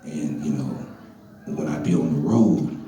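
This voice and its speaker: A man voicing a sheepish adult man who confesses in a low, hesitant mumble. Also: a little slow, warm tone, a little hiss or hum. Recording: roomy club sound, distant mic.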